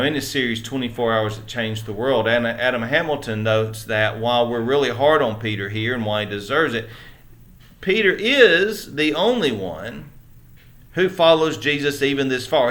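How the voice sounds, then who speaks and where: A man's voice: mid-range voice, expressive, normal speed, a bit bright. Earnest Southern man teaching Bible. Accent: Southern American. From American South. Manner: earnest, conversational, with many restarts; asks listeners rhetorical questions. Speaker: church teacher. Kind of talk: Bible lesson.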